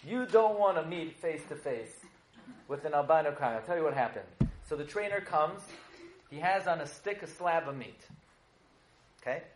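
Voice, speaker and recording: A man's voice: a little high, lively intonation, moderate pace, a little hiss or hum. A man teaching a humorous Torah lesson as a rabbi, telling stories, joking and quizzing his listeners. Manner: joking, storytelling, quizzes the audience. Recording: echoey room.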